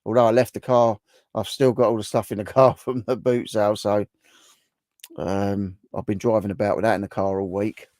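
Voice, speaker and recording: A middle-aged man hosts a laid-back livestream, chatting at length and often restarting his sentences. His voice sits on the low side. The sound is dry, with no room echo. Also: level tone, normal speed, darkish tone. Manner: chatty and rambling, with many restarts. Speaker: livestream host. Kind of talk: casual live chat reading viewer comments.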